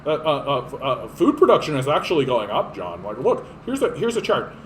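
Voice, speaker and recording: A man's voice: medium pitch, sing-song, brisk, echoey room, slight background noise, close to an everyday voice. A man putting on a smug, condescending liberal man in a mocking, whiny voice.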